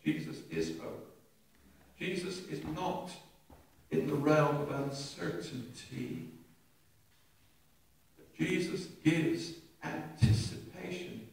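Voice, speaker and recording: An older man, preaching a sermon with animated humour, recorded from a distant mic in an echoey church. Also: fairly high pitch, takes it slowly, creaky, long pauses. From England. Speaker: pastor. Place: church hall.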